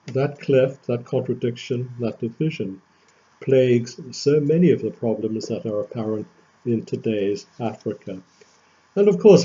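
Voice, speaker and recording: A man gives an academic lecture in a very dark, mellow voice with a husky edge. He speaks in a measured, thoughtful way and lifts certain phrases for emphasis. The recording sounds dull and lo-fi. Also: medium pitch.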